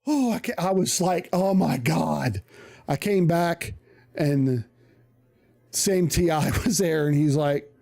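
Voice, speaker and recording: A man's voice: fairly high pitch, takes it slowly, creaky, a little mellow. A male streamer telling a casual story, rambling with restarts and plenty of swearing.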